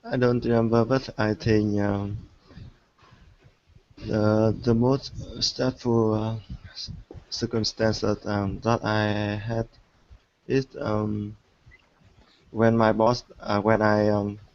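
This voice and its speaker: A male student answering in an English class, halting and full of fillers. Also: lowish voice, level tone, darkish tone, no echo, muffled recording.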